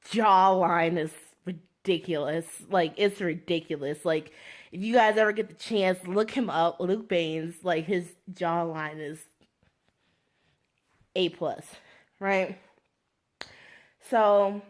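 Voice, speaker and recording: A woman book vlogger chatting casually to her phone, gushing and rambling, swinging between giddy excitement and near tears. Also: medium pitch. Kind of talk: casual fan vlog chat.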